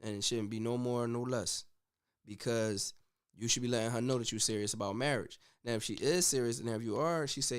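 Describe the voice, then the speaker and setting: A man hosting a casual commentary show, talking in an animated, slangy way with frequent "you know what I'm saying.". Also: medium pitch, fairly quick, smooth. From United States. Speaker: host.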